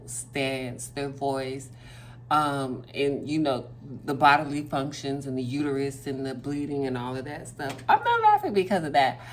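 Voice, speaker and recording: A woman vlogging at her dinner table, chatting casually and talking straight to her viewers. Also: sits low. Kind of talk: casual chat to camera over dinner.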